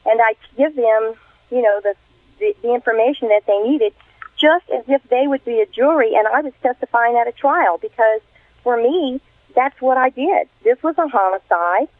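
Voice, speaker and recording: A woman's voice: fairly high pitch, moderate pace, dry recording. Woman on a tinny phone line. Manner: earnest storytelling, animated. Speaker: retired crime scene investigator, guest. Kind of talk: radio interview by phone.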